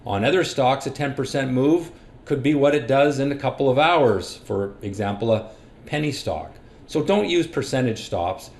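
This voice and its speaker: A man's voice: medium pitch, moderate pace. A man who runs a stock trading education channel, explaining risk and stop losses over a screen recording in a plain, practical teaching manner. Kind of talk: screen-share market lesson.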